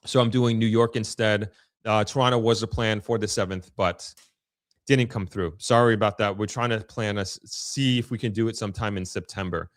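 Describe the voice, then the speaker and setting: A man with a Long Island accent hosts a casual live stream, chatting and answering viewers. His voice sits on the low side, and the close microphone sounds dry, with no room echo. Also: fairly even intonation, normal speed. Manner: chatty, upbeat, reads viewer comments aloud. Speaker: livestream host reading chat.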